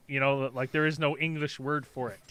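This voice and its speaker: A man's voice: mid-range voice, steady tone, sharp tone. Joking man hosting casual podcast. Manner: joking, loose, fast and laughing. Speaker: podcast host.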